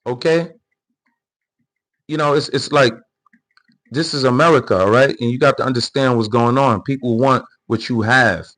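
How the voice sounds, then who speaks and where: Pausing often, a man with a mid-range, fairly bright voice talks at normal speed to the chat of his live political commentary stream. His delivery is heated and lecturing, full of repeated words and restarts.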